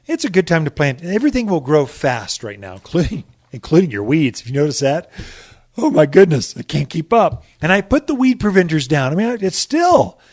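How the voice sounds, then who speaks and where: A man hosting a radio garden show from the studio, jokey and quick to laugh. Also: fairly high pitch, sing-song, a little mellow. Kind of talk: casual radio chat.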